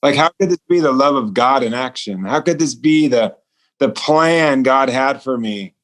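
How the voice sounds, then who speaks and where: A man's voice: mid-range voice, moderate pace, a bit bright. A male author and speaker telling a personal story as a guest over a remote call, earnest and acting out the dialogue. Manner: earnest, acts out quoted dialogue. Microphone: remote call connection.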